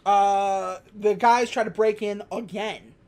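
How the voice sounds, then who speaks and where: A podcast co-host in a loose, casual chat, recapping a film scene by scene. The voice sits at a middle pitch, and the host keeps dropping into brief put-on voices for the characters. The delivery is chatty and unscripted. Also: fairly even intonation, slow, darkish tone, clear, resonant tone.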